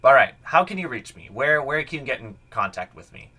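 Young man, podcast host, history narration, casual, enthusiastic, bright tone. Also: medium pitch, very animated, a little fast, slightly rough.

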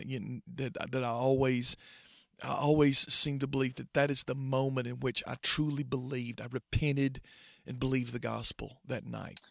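Middle-aged male pastor guest, gravelly, dry close sound, earnest and halting. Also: medium pitch, a bit bright, dry recording. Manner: earnest, halting with many restarts. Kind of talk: personal testimony in conversation.

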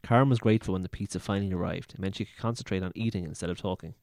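A man with a very deep voice reads a teen novel aloud in a relaxed, laid-back manner. He sits close to the mic on a dry track with no room sound. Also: racing, no room sound. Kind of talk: casual read-aloud with banter.

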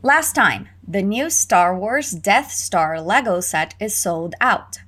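Slow, lively woman teaching English phrases. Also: mid-range voice. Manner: lively, exaggerated intonation for learners to repeat. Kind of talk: slow, clear repetition drills.

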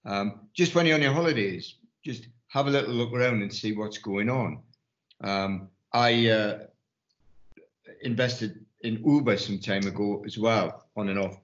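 This man, a partner at an investment firm, comes from Newcastle, England and has a Geordie accent. At a measured pace and with a lowish voice, he rambles through anecdotes with many restarts during a casual panel discussion; the sound is roomy, with the highs cut off.

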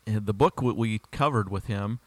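A man's voice: lowish voice, normal speed, no room sound. A man co-hosting a casual running podcast, reading sponsor spots and laughing easily. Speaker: podcast co-host.

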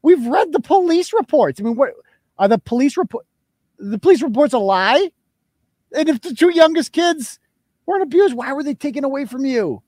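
A man's voice: very high voice, animated, normal speed, darkish tone, no room sound. Blunt, sarcastic man hosting a live show. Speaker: host. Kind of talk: livestream commentary.

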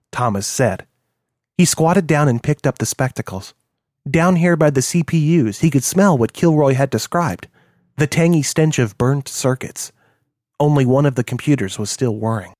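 A male audiobook narrator reads in a steady, measured way. His voice sits at a middle pitch, and the recording is dry and close. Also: dry recording. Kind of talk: scripted narration.

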